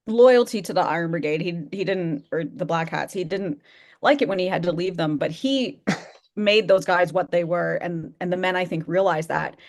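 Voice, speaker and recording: A woman talking casually on a video call, explaining her views in a thoughtful, measured way. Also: fairly low pitch.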